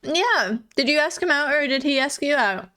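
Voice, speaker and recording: A woman's voice: sits high, expressive, normal speed, sharp tone. A woman streamer in casual live chat, giggly and chatty, reading and answering chat.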